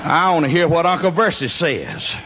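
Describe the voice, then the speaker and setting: A man's voice: on the high side, huge pitch swings, normal speed, vocal fry, fairly bright tone, slight background noise. Mississippi guy telling a down-home comedy story, bouncy up-and-down voice, lots of echo. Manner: folksy drawl with whooping exclamations. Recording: long hall reverb.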